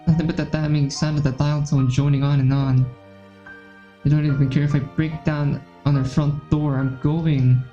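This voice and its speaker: A man's voice: fairly high pitch, flat delivery, moderate pace, dark tone. A man reading a visual novel aloud, narrating steadily in the first person on a dull lo-fi recording. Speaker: gaming YouTuber. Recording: dull lo-fi recording with faint music.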